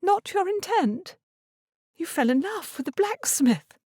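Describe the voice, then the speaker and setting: A woman voicing a proud, stubborn middle-aged mother in a Regency audiobook, speaking in a brisk, clipped, weary way. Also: extremely high pitch, big pitch swings, a little mellow, dry recording, clean studio sound, voice pushed up, heavily acted. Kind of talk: audiobook character reading.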